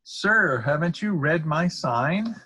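A man's voice: mid-range voice, expressive, fairly bright tone, breathy edge, no room sound, exaggerated voice. A man doing a firm little mouse dentist. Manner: firm, brisk.

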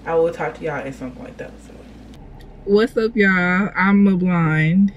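A woman's voice: on the low side, expressive, normal speed, dull audio, slight background noise. Young woman, casual vlogger, talkative and filler-heavy, recorded in a car. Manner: chatty, filler-heavy, emotional and gushing. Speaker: vlogger and clothing designer. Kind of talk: casual vlog chat. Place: inside a parked car.

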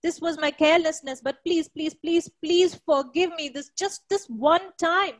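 A woman's voice: very high voice, moderate pace, pitched above the performer's own voice. A woman voicing a frightened male palace gardener who stammers as he pleads for mercy. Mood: pleading.

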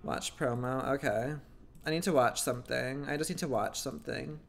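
A man's voice: medium pitch, normal speed, gravelly. A man livestreaming, chatting casually in a blunt, catty and profane way. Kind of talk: casual chat.

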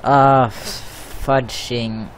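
A man narrates his game in a casual, exasperated way, cursing often. His speech is unhurried and his voice sits at a middling pitch. The recording carries a clearly audible background noise. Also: fairly even intonation. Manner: profane, exasperated running commentary. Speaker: gaming video host. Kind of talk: casual gameplay commentary. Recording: noisy background.

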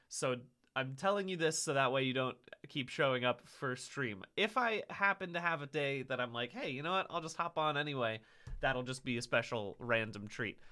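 Male streamer, chatty and self-interrupting, clean bright sound. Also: medium pitch, clear, resonant tone. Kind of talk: casual stream sign-off chat.

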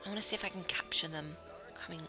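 A woman's voice: fairly low pitch, fast talker, over music, poor audio. A woman giving casual, giggly commentary as she plays a life-sim game, thinking aloud and often dropping to a murmur or whisper. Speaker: let's play host.

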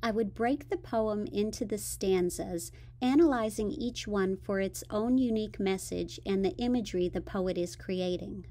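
A woman teacher narrating a scripted lesson in a clear, measured, explanatory way. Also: medium pitch, warm tone.

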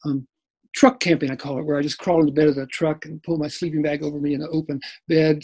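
Husky older man telling a tall tale. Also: fairly high pitch, normal speed, long pauses, low-quality recording. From Kentucky. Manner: animated, laughing, acts out quotes. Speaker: presenter. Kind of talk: storytelling talk. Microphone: video call.

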